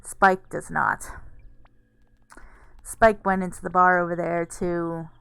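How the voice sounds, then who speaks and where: A woman's voice: fairly low pitch, fairly even intonation, slow, vocal fry, a bit bright, smooth, no room sound, exaggerated voice. A woman reading aloud the lines of a cheerful game villager who is proud of a silly song. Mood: chirpy. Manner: chirpy, sing-song.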